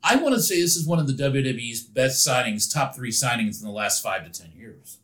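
A man's voice: medium pitch, expressive, fairly quick, fairly bright tone. An opinionated man co-hosting a casual podcast, often restarting his sentences. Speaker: podcast co-host. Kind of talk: casual chat.

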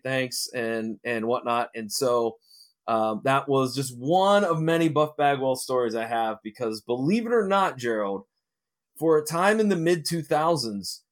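A middle-aged man from Ohio, a guest telling a long story casually, rambling with fillers and restarts. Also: medium pitch. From Ohio, United States. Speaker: interview guest, wrestling manager and promoter.

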